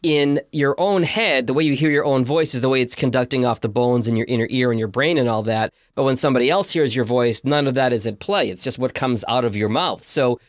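A man hosting a podcast, explaining in a relaxed, easygoing manner. His voice is at a middle pitch and recorded dry and close. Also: fairly quick, few pauses, dry recording. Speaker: podcast host and producer. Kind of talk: podcast interview.

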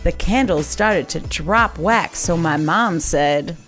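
A woman's voice: lowish voice, a bit bright, soft background music. A woman co-hosting a show, chatting casually and reading listener stories aloud in an upbeat, chatty way. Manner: upbeat, chatty, quick to laugh. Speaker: podcast co-host.

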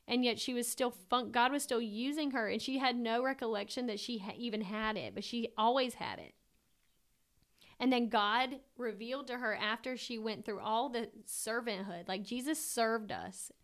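A woman's voice: fairly high pitch, moderate pace. A woman co-hosting a casual faith chat, talking in an emotional, gushing way. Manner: emotional, gushing, tearful at times.

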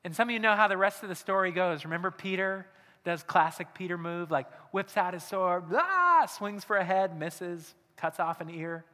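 Male pastor, high bright voice, sermon delivery swinging between hushed and urgent, long church-hall reverb. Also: fairly even intonation, moderate pace. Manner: swings from hushed intimate asides to loud urgent appeals.

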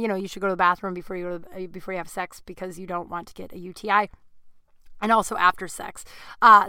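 Frank, rambling podcast host, bright crisp voice. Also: female voice, medium pitch, fast talker, no room sound. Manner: crude, self-mocking humor. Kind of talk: candid storytelling chat.

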